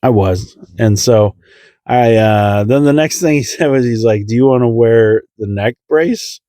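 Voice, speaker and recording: Self-mocking storytelling man, mellow dry voice. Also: unhurried, no echo. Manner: self-deprecating, acts out voices with big pitch jumps. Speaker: comedian telling a story. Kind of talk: comedic storytelling.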